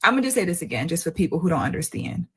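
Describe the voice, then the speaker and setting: A woman's voice: fairly low pitch, sing-song, very fast, a bit bright, breathy edge. A married woman answering viewer comments on relationships in an emphatic, lecturing way. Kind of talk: responding to comments.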